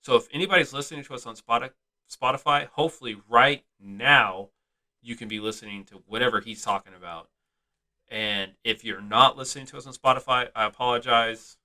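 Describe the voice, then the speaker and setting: A man's voice: medium pitch, fairly even intonation, a little fast, sharp tone. A man co-hosting a casual podcast, teasing his co-host and laughing often, with a slight Southern twang. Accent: slight American Southern twang.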